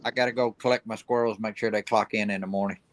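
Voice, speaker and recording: A man's voice: lowish voice, steady tone, fast talker. A man joining a livestream as a guest, making brief, laid-back remarks. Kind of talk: casual chat.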